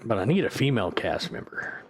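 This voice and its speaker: A man's voice: on the low side, very animated, fairly quick, gravelly, husky. Rambling man chatting on a livestream. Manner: rambling, loose and profane. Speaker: streamer. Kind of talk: casual livestream chat.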